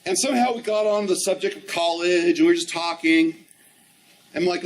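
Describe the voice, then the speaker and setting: Man, 50s, high voice, animated storyteller at a training session, slightly distant mic, faint hiss. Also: moderate pace. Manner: animated storyteller, acts out dialogue. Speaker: ski instructor trainer. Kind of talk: storytelling presentation.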